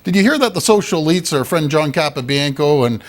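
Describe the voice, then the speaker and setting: A man co-hosting a political talk show. He talks in a combative, sarcastic way, and his voice sits somewhat high for a man. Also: expressive, fairly quick. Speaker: co-host.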